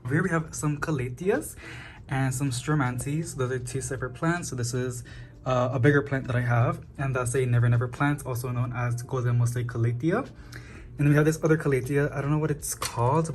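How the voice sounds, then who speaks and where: A man walks through an apartment packed with houseplants, talking fast and chatty. He recorded it on the camera's own mic as he moves. Soft music plays quietly underneath. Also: medium pitch. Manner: chatty, talks fast, calls plants "girly". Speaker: plant channel host. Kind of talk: casual home tour vlog.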